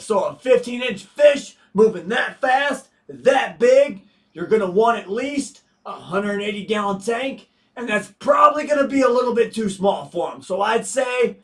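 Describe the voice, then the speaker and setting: Loud, high-voiced man livestreaming. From United States. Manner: loud, excitable, often raising his voice. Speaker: livestream co-host answering viewer questions. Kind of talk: casual livestream chat. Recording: voice a bit distant from the mic.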